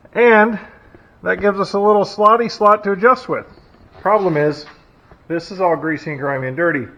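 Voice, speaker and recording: A man's voice: on the high side, fairly bright tone. Chatty man in a dull lo-fi garage vlog. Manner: chatty, self-deprecating, talks while working. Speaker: hobby mechanic restoring a truck. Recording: dull lo-fi audio with faint noise. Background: logging machinery next door.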